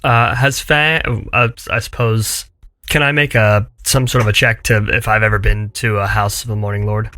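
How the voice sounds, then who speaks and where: A man's voice: fairly low pitch, steady tone, normal speed, sharp tone, no echo. Hesitant man at a tabletop game, dry sound. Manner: hesitant, thinking aloud. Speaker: player.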